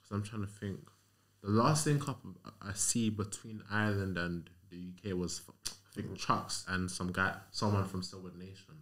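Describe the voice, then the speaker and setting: A man's voice: low-pitched, steady tone, moderate pace, a bit bright. A man hosting a casual interview, asking easygoing questions and dropping slang fillers.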